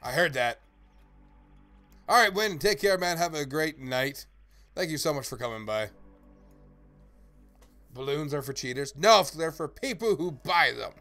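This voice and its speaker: A man's voice: a little high, animated, measured pace, pauses often, bright, forceful tone, soft background music. A man live-streaming a game, chatting playfully and greeting viewers by name as he plays. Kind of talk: casual live-stream chat.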